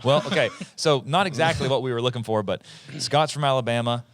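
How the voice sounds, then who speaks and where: A man's voice: mid-range voice, brisk, no room sound. A man in his forties hosting a casual podcast discussion, chatty and explanatory, often restarting his sentences. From eastern United States. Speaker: podcast host.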